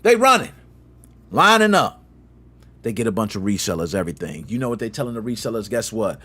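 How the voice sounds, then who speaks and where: A man hosting a gaming channel, telling a story in slangy, lively commentary and acting out quotes with sound effects. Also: lowish voice, a little fast.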